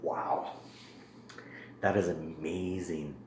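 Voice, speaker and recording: A man chatting casually through a beer review, relaxed and rambling with many ums and uhs. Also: low voice, very slow. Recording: echoey room with faint ambient noise.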